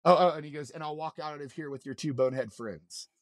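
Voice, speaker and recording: A man's voice: fairly high pitch, quick pace, dry recording. A man, a mountain guide and podcast guest, telling a story casually, acting out what others said and swearing freely. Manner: animated, acts out quoted lines, swears freely.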